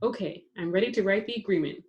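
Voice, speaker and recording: A woman reads as an organized schoolgirl with a dry, businesslike way of speaking. She keeps her tone brisk and practical. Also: mid-range voice, a little mellow, muffled recording, natural voice.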